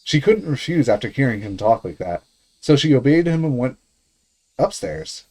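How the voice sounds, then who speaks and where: A man's voice: mid-range voice, expressive, moderate pace, a little mellow. A male streamer reading a visual novel's narration aloud.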